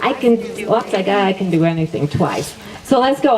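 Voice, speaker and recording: A middle-aged wellness teacher leads a class in spoken affirmations, saying each phrase twice in an upbeat way and laughing often. Her mid-range voice has lively intonation at normal speed with hardly any pauses, heard from a distance with a crowd and faint noise behind her.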